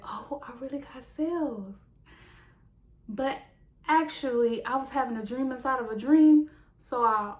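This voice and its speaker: A young woman, a small business owner, telling a story in a casual vlog with animated, mock-dramatic flair. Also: fairly high pitch. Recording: roomy echo.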